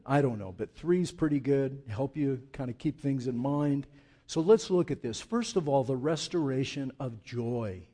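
A man's voice: fairly high pitch, a little mellow. An older man, a pastor, preaching a sermon in an emphatic, conversational way with casual asides.

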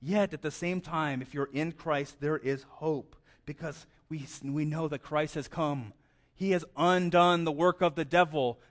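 A man's voice: fairly high pitch, fairly even intonation, unhurried. A man preaching a sermon in a conversational way, often stammering and repeating words. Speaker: pastor.

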